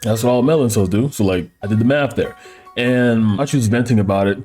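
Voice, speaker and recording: A man's voice: medium pitch, fast, dark tone, soft background music. Crude, laughing male anime reviewer. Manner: crude, slangy, laughing asides. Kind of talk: casual review commentary.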